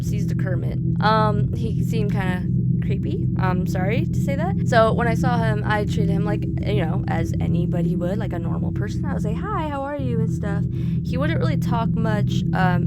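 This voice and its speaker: A woman's voice: medium pitch, heavy background noise. A young woman artist chatting in a casual storytime vlog, full of "like" and "dude", laughing often. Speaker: artist vlogger.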